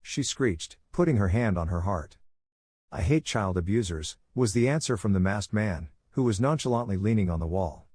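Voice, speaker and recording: A man narrating a fan fiction story in a steady, even reading. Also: lowish voice, fairly quick, hardly any pauses, breathy edge, no room sound, studio quality.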